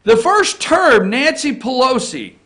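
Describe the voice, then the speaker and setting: A man's voice: very high voice, very animated, slow pace, fairly bright tone. A man hosting a morning opinion show, giving emphatic political commentary and often checking in with his listeners by asking "okay?" or "all right?". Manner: repeats phrases for emphasis.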